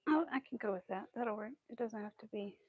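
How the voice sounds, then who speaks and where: A woman hosting a casual crochet livestream, chatting to her viewers as she works and cooing at her cat in a high baby voice. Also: brisk, husky, dry recording, narrow, tinny audio. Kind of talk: casual chat while crocheting.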